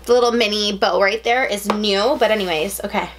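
A young adult woman chatting at home as she unboxes a package, gushing and gasping with excitement as she rambles on. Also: mid-range voice, a little fast, background noise. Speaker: unboxing vlogger.

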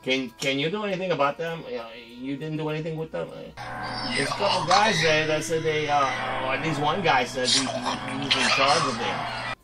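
A man's voice: fairly high pitch, normal speed, over loud music. A man performing a one-sided comedy skit, nervous and placating, stammering as he talks to someone unseen.

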